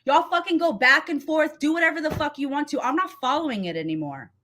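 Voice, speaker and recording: A woman's voice: sits high, lively intonation, fast, fairly bright tone, slight background noise. A woman hosting a reaction commentary video, heated and blunt, swearing freely as she talks back to a clip. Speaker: commentary YouTuber.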